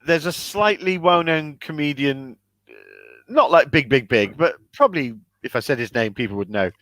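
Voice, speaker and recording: A man's voice: fairly high pitch, animated, normal speed, a bit bright, no room sound. A man co-hosting a casual comedy chat, telling wry, self-deprecating stories. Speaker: co-host.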